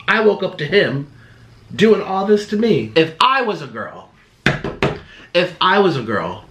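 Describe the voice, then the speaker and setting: Ranting man in an echoey room. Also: on the high side. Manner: animated, sarcastic, mocking voices of others. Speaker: vlogger. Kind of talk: casual rant to camera.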